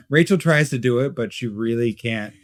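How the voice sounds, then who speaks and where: A man's voice: medium pitch, moderate pace, no echo. A man hosting a casual podcast chat, joking around and rambling. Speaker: podcast host.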